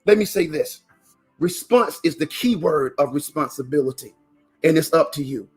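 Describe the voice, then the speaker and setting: Man, motivational speaker, high voice, emphatic preaching delivery, repeats phrases. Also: lively intonation, normal speed, a little mellow, breathy edge, faint music behind. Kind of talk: motivational talk.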